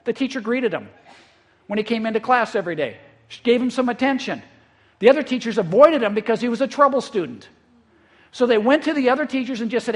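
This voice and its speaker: A male pastor preaching a conversational sermon. He is lively and repeats words when he gets excited. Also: very high voice, quick pace. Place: church in eastern South Dakota.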